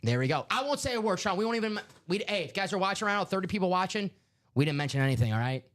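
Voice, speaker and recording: A man's voice: high-pitched, rapid-fire. Chatty male card-break host. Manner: chatty, excitable, rambling with fillers. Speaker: host of a live sports card break stream. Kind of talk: casual live-stream patter.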